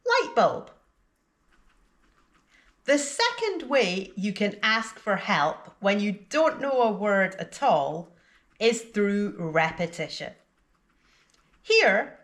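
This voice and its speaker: Teaching English from a script, this woman keeps a slow, careful pace and overplays the intonation in her sample sentences. She speaks at a medium pitch with a fairly bright tone.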